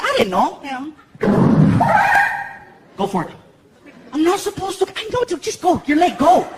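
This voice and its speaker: A man in his thirties doing stand-up comedy on a stage, telling stories and acting out characters with high shouting voices. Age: 30s. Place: comedy venue stage with live audience. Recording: noisy live show recording.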